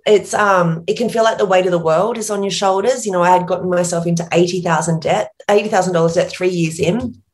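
A woman's voice: lowish voice, fast, few pauses. An Australian woman with a small-town coastal accent, talking as an interview guest and author in a chatty, storytelling way with many fillers. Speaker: guest, author and business founder. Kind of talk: casual interview conversation.

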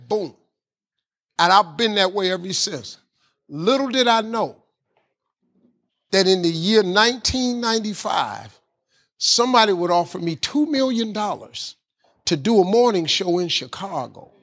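Husky high-voiced man telling stories. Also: a little slow, long pauses. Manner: animated, folksy, casual grammar. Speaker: guest speaker. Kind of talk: motivational storytelling.

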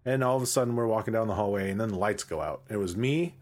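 A man's voice: on the low side, quick pace, darkish tone. A man in casual podcast chat, telling a story in a rambling way full of fillers.

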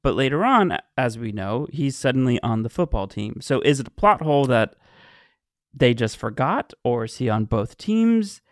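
A man's voice: medium pitch, sing-song, normal speed, no echo, studio quality. Chatty man co-hosting a podcast. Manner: chatty, laughs often, lots of fillers. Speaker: podcast co-host. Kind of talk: casual chat.

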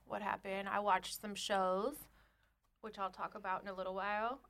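Woman, bright tone, animated, profane podcast banter. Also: mid-range voice, normal speed. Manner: animated storyteller, profane slang. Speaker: podcast co-host. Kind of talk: casual chat.

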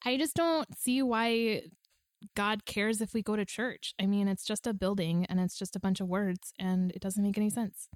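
A playful woman player who speaks in character with easy humor. Her voice is mid-pitched and recorded dry and close, with no room around it. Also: steady tone, dry recording. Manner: playful, quick to laugh. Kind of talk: in-character tabletop play.

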